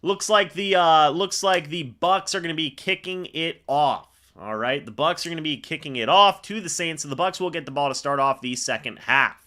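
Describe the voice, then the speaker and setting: A young man hosting a live fan reaction stream, calling the plays as he watches and getting excitable on big moments. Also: fairly high pitch, normal speed, hardly any pauses. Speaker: fan livestream host.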